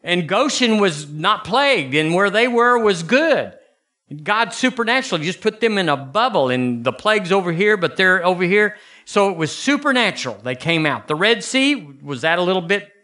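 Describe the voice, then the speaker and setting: A male pastor preaching in a folksy, animated way. His voice is bright and forceful, sitting a little high for a man. He leaps upward for emphasis and drops low to drive a point home. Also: moderate pace. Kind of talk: sermon.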